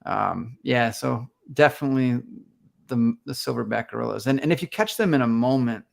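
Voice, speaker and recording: Animated man telling travel stories. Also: mid-range voice, moderate pace, vocal fry. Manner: animated storyteller, acts out his own reactions. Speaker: conservation photographer guest. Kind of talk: casual interview conversation.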